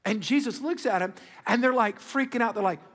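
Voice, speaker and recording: High-voiced preaching pastor in a big hall. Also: male voice, a little fast. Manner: animated, conversational preaching with call-and-response. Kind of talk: sermon. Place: large church auditorium.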